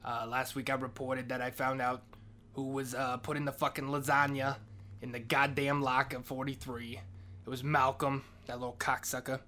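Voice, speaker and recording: A man's voice: mid-range voice, flat delivery, normal speed, bright, forceful tone. A man playing a school janitor, ranting in a crude, profane comic monologue. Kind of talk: comedic monologue.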